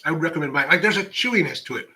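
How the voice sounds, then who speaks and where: Bright-voiced man chatting on a livestream. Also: on the high side, very fast, slight background noise. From United States. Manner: rambling, many restarts, animated asides. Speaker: coffee channel host. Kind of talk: casual livestream chat reading viewer comments.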